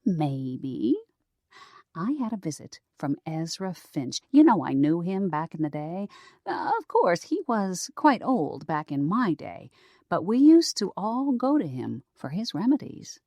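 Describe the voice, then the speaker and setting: Woman voicing a teasing, dramatic granny ghost for an audiobook; lowish, slow, dry read. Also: very animated, warm tone, no echo, heavily acted. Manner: chatty, dramatic, stretches out the big moment. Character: playful teasing old grandmother ghost. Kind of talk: audiobook character voice.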